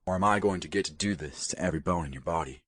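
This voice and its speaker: A man voicing a soft-spoken, sadistic male army lieutenant who talks mildly and amiably while threatening, in an audiobook. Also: deep voice, rapid-fire, dry recording, studio quality. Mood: mild menace. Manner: mild, amiable, quietly menacing.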